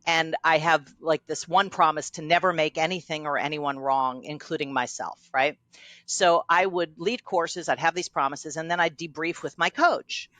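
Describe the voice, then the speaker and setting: A woman's voice: deep voice, moderate pace, no room sound. Middle-aged woman coach chatting, acts out quotes, dry close mic. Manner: animated storytelling, acting out quoted lines. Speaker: guest coach. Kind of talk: casual podcast conversation.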